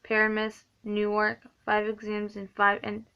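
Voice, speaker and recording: A woman's voice: medium pitch, monotone, a little slow, clean tone, dull audio, natural voice. Woman reading as a shrewd old doctor. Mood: calm. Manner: read plainly in her own voice. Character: tired older male German doctor, calm and shrewd.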